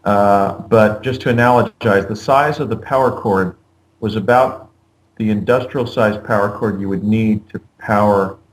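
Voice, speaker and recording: A man answering a question as a guest on a call-in show, in a measured, explanatory way. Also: on the low side, poor audio. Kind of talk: casual call-in talk.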